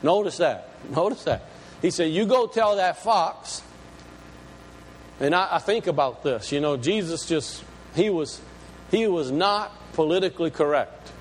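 A man preaching a sermon, dramatic, swinging between loud exclamations and hushed lines, in a large church. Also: a little high, lively intonation, normal speed. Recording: long hall reverb, faint room noise.

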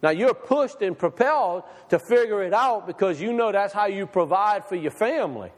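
A man's voice: high-pitched, expressive, moderate pace. A man preaching a sermon in a church hall, firing rhetorical questions at the congregation and reading scripture aloud. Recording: long reverb in a hall.

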